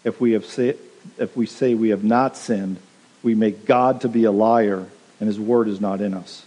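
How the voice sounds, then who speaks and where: A man's voice: lowish voice, steady tone, moderate pace, warm tone. Man preaching in an echoing hall. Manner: earnest, direct exhortation with quoted asides. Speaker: pastor. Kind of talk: sermon. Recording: long reverb of a large hall.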